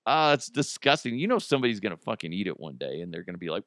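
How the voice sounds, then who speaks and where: A man's voice: lowish voice, very animated, rapid-fire, a bit bright, no echo, clean studio sound. A middle-aged man hosting a podcast in casual chat, rambling and joking, swearing freely and laughing often. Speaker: podcast host.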